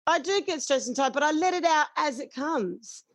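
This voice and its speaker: A woman's voice: high voice, lively intonation, normal speed, dry recording. A woman in casual, candid chat, swearing freely and laughing often.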